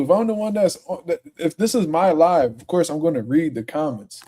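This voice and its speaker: Young male stream host, slightly high voice, dark mellow tone, loose and profane, reads comments. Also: animated, brisk, few pauses. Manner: profane, laid-back, heated when arguing with commenters. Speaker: livestream host. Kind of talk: casual livestream chat reading comments.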